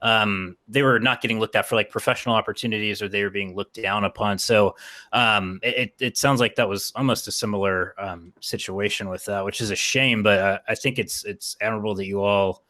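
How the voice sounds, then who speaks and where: A man's voice: fairly low pitch, steady tone, brisk, bright, forceful tone. A man from West Virginia hosting a podcast, talking in a rambling, casual way and swearing freely. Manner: rambling, lots of fillers and restarts, swears freely. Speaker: podcast host.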